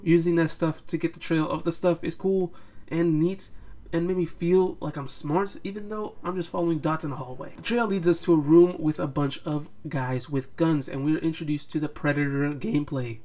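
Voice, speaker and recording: A man's voice: fairly high pitch, a little mellow. A young man narrating a scripted game retrospective, with a casual manner and sarcastic asides. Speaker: game reviewer.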